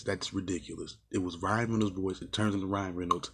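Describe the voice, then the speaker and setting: Brief: male vlogger, lowish husky voice, ranting, loose and rambly, swears a lot. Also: fairly even intonation, fairly quick. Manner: ranting, exasperated, swears often; rambling with many fillers and restarts. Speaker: movie reviewer. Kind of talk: casual rant-style movie review.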